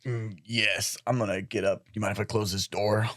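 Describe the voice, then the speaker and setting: A man's voice: on the low side, little pitch movement, moderate pace, a bit bright, dry recording, studio quality. A man playing a tabletop game in character, joking, brash and swearing freely. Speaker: player.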